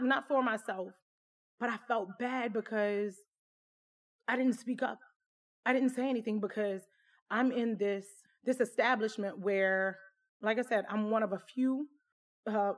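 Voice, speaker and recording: A woman casually telling a personal story to camera, candid and conversational. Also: mid-range voice. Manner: candid, conversational, full of fillers.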